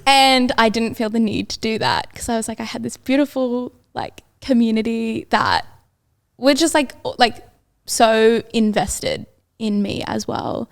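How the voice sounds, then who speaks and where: A young Australian woman chatting as a podcast guest. Her voice sits fairly high with a lot of vocal fry. She rambles through her stories and fills them with "like". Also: expressive, a little slow. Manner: chatty storyteller, says "like" constantly. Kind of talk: casual chat. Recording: audio-only podcast.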